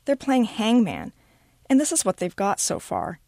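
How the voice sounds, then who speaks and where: A woman reading a short story aloud with expressive, animated storytelling. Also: medium pitch, moderate pace, vocal fry, no room sound, studio quality. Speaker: reader.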